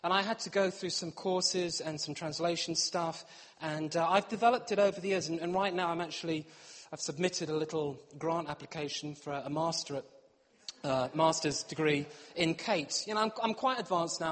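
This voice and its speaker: A middle-aged man preaches a humorous sermon in a playful, self-mocking way, acting out little scenes. His voice sits high for a man. A long reverb from the church hall trails behind him. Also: a little fast, fairly bright tone. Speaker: pastor.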